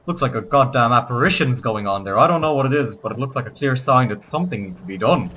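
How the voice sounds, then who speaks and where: Bright-voiced man commentating a war game. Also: medium pitch, expressive, fast. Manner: theatrical in-character war speeches mixed with swearing asides. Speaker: let's play gamer. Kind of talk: gameplay commentary.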